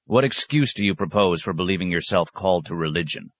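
A man's voice: deep voice, animated, brisk. A man voicing a stern, sarcastic abbot who questions a novice with cutting mockery. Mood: interrogating. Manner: mocking, cutting, sometimes roaring.

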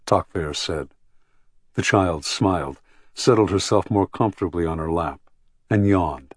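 A man narrating an audiobook in a measured, even storytelling manner. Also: low-pitched, breathy edge, dry recording, clean studio sound. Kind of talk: scripted narration.

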